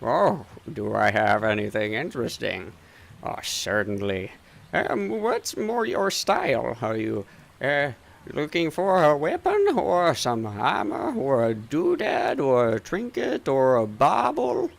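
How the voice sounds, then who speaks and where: A man's voice: huge pitch swings, slow, vocal fry, heavily acted. A man voicing a fussy, hard-of-hearing elderly male shopkeeper who stammers and dithers. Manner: dithering, stammering, high-pitched muttering.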